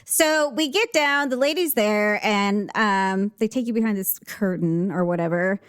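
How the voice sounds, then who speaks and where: A woman co-hosting a podcast in casual chat, an animated storyteller who acts out family dialogue and laughs often. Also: medium pitch, measured pace, smooth. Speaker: podcast co-host.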